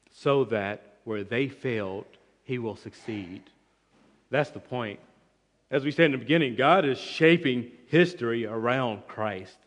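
A man preaching an expository sermon, emphatic, with swings between loud and quiet passages. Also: mid-range voice. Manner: emphatic, rising and falling in volume, restarts words. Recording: long reverb of a large hall.

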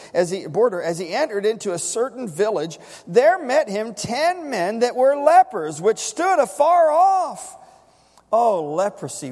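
A man preaching a sermon, building to dramatic shouts when he quotes scripture. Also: on the high side. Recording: long reverb of a church hall.

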